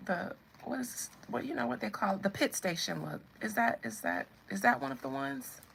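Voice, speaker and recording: A woman's voice: mid-range voice, animated, brisk, creaky, a bit bright, slight background noise, low-quality recording. A woman in her thirties with a Southern American accent, chatting to viewers in a sassy, teasing way. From Southern United States. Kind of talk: casual chat to viewers.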